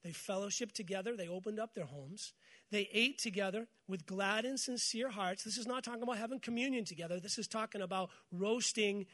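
A man with a high, light voice preaches a morning sermon. He keeps calling on the congregation to repeat his words back to him, and he mixes scripture with joking stories. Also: a little fast, a bit bright. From United States. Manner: call-and-response with congregation, storytelling with humor. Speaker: pastor.

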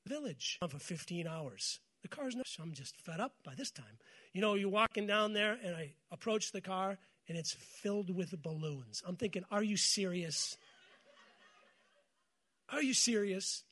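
A man with a high, light voice preaches a morning sermon. He keeps calling on the congregation to repeat his words back to him, and he mixes scripture with joking stories. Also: lively intonation, moderate pace, bright, forceful tone, breathy edge. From United States. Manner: call-and-response with congregation, storytelling with humor. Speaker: pastor.

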